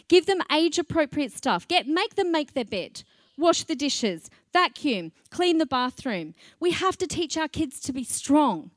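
A middle-aged woman pastor, preaching a sermon in a chatty, lively way and laughing between points. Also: fairly high pitch, no room sound.

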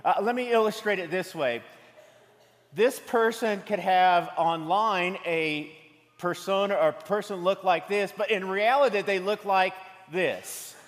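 A man's voice: high-pitched, measured pace. A man preaching a sermon as pastor, mixing jokes and stories into his message in a church. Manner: humorous, storytelling. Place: church sanctuary. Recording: long hall reverb from a church sanctuary.

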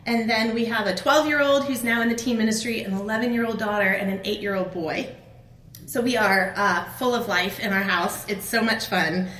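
Animated, bright-voiced woman in an echoey hall. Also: mid-range voice, normal speed. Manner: animated storytelling, acts out her own outbursts. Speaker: conference speaker. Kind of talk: personal story in a faith talk. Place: conference hall. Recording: echoey room with faint ambience.

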